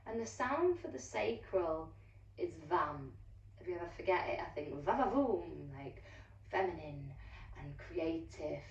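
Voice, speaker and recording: A woman leads a yoga class in a low voice with a gravelly edge, her cues slow, soft and unhurried. She sounds well away from the microphone, her voice bouncing around a roomy space. The recording is dull and lo-fi, with a faint hiss under it. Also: expressive, far from the mic. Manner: soothing, unhurried cueing with soft drawn-out words. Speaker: yoga teacher. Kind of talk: guided yoga class instruction.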